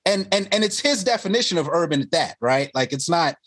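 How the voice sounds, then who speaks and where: Man, husky, slightly high voice, animated storyteller, filmmaker guest. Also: fairly quick. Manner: animated, quoting others in lively voices. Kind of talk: conversational storytelling.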